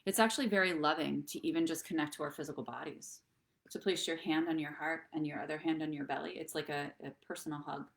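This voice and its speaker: Low-voiced woman giving earnest advice. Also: steady tone, quick pace, gravelly. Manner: earnest, encouraging, addresses viewers directly. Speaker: host and therapist. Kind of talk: live online talk show advice.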